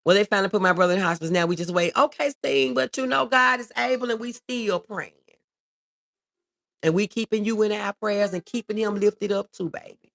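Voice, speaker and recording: A woman's voice: mid-range voice, fairly quick, creaky. A middle-aged woman, hosting a casual livestream, reading viewer comments and talking with feeling. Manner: warm, reads viewer comments aloud, emotional. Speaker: livestream host.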